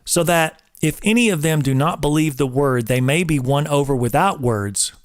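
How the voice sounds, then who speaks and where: A man's voice: on the high side, normal speed, no room sound, studio quality. Emphatic drill-instructor-like man. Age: 40s. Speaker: host and personal trainer. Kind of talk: casual preaching talk.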